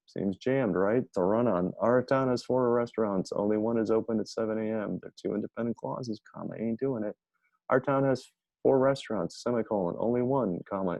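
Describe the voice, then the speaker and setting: A man teaching a casual grammar lesson, talking in a chatty, energetic way and thinking aloud as he goes. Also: lowish voice, creaky, no room sound, lo-fi sound.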